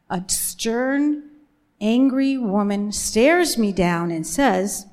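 A woman's voice: fairly high pitch, expressive, a little mellow. Earnest woman giving a faith testimony. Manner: earnest and emphatic, slows down on key phrases. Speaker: speaker sharing her faith testimony. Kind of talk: personal faith testimony to a women's gathering.

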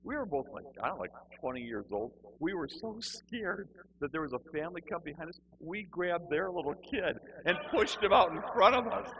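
A man's voice: a little high, brisk, muffled recording, a little hiss or hum. A middle-aged man telling a humorous personal testimony, acting out the people in his story as he goes. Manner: animated, acts out other people's voices.

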